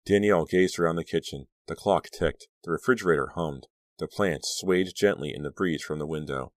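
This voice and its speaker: A man narrating an audiobook in an expressive, measured storytelling manner. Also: very deep voice, no room sound, clean studio sound.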